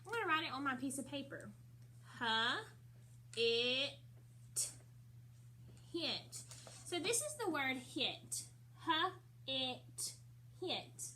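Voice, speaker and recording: A young woman teaching a recorded phonics lesson to first graders, drilling letter sounds slowly and repeating each word. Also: high-pitched, sharp tone, a little hiss or hum.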